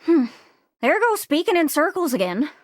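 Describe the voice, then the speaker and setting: A rambling, awkward talking globe. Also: female voice, high voice, big pitch swings, normal speed, no echo, studio quality. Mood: sheepish. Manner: rambling and apologetic, trails off. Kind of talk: video game voice acting. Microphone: studio mic.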